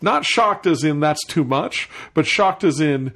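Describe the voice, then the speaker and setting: Chuckling male storyteller with slightly high voice. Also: measured pace. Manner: animated storyteller, acts out the people he quotes; chuckles often while talking. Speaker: podcast host. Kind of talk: casual anecdote telling.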